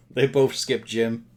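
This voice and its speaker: A man's voice: medium pitch, darkish tone. A man narrating as game master of a tabletop game, with wry, laughing asides.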